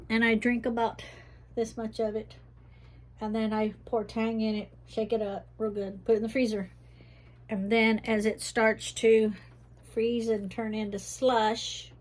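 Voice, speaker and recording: A woman's voice: fairly high pitch, darkish tone. Chatty Southern woman with a Texas-Tennessee accent. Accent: mixed Texas and Tennessee Southern US. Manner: chatty, rambling, says she talks fast. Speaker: vlogger showing her herb shelf. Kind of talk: casual home vlog chat. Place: indoors at home, rain outside.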